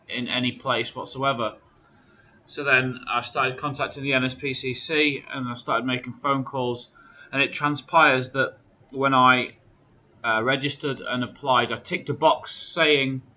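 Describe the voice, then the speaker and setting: A man in a casual vlog, aggrieved and indignant as he retells his calls. His voice sounds bright and edgy. The recording is dull and lo-fi, like a home phone camera. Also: medium pitch. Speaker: charity runner.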